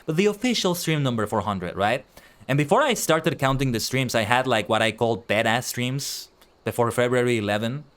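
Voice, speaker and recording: A man's voice: mid-range voice, moderate pace. A man streaming live, chatting casually with his viewers and reading their messages aloud as he answers them. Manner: animated, reads and answers chat aloud.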